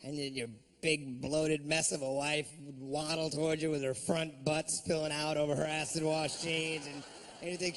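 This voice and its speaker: A man's voice: a little high, flat delivery, normal speed, fairly bright tone. A man doing a stand-up comedy routine on a club stage, ranting in a profane, sardonic way.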